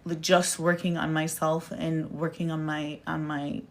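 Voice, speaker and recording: A woman's voice: low voice, flat delivery, unhurried. A young woman talking earnestly and tearfully about her faith on a live stream, repeating words for emphasis. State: tearful, near crying. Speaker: speaker sharing her story. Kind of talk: heartfelt personal talk on a live stream.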